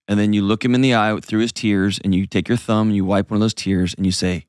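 A man's voice: on the low side, level tone, a little fast, a little mellow, no echo, clean studio sound. A man hosting an advice show, explaining parenting earnestly and acting out little scenes in changed voices.

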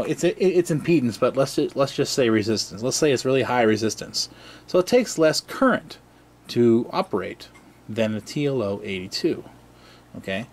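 A man hosting an arcade repair video in his garage, talking casually with rambling, self-interrupting asides and chuckles. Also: medium pitch. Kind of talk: casual hands-on repair vlog. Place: cluttered home garage.

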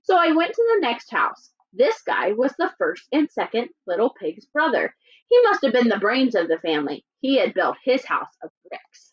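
A woman's voice: a little high, normal speed, breathy edge. A woman reading as a sly, chatty storybook wolf. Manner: lively, storytelling, playfully indignant. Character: sly, chatty male wolf telling his side. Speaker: teacher. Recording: dull lo-fi recording.

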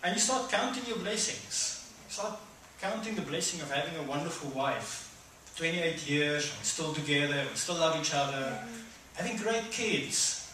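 A middle-aged man preaching a conversational sermon, acting out voices with sudden loud high bursts. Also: lively intonation, normal speed, distant mic, a little hiss or hum. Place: church hall. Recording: echoey hall, speaker away from mic.

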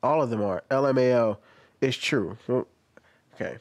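A man's voice: mid-range voice, moderate pace, lo-fi sound. A man giving casual commentary on social media posts, rambling and correcting himself as he goes. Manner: rambling, self-correcting, reads posts aloud.

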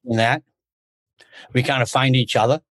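Here the American martial arts instructor speaks in a steady, slightly bright mid-range voice at a moderate pace, with no room sound. As a podcast guest chatting casually, he rambles through stories and keeps restarting sentences.

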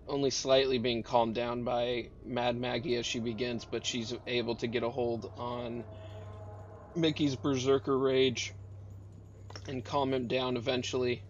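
Unhurried man running a tabletop game. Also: medium pitch. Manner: hesitant, many fillers. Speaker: game master. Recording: dull lo-fi audio, faint noise.

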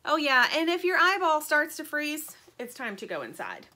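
A woman narrating a children's storybook aloud in an expressive, animated way. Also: high voice, normal speed.

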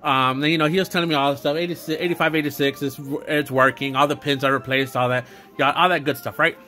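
Rambling young man with a bright voice. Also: fairly high pitch, steady tone, fast talker, soft background music. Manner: rambling, many fillers and restarts. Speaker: YouTuber doing an unboxing video. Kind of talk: unscripted casual vlog talk.

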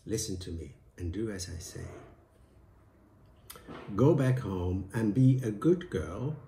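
A man's voice: fairly low pitch, lively intonation, slow pace, vocal fry, mellow, slight background noise, exaggerated voice. A man voicing a sly, preachy village priest. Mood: solemn. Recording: echoey room.

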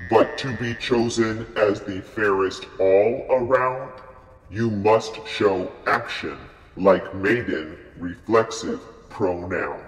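A man voicing a solemn magic mirror on the wall, measured and slow in an acted rap song. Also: fairly low pitch, in a large hall, low-quality recording. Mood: stern. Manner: slow, measured, pronouncing verdicts.

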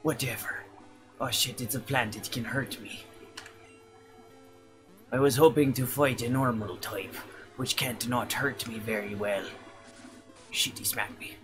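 A man's voice: mid-range voice, steady tone, a little slow, long pauses, over music. Casual man narrating gameplay with a pirate "yar". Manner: joking, swears, drops into a playful pirate "yar". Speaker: gameplay streamer. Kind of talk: casual let's-play commentary.

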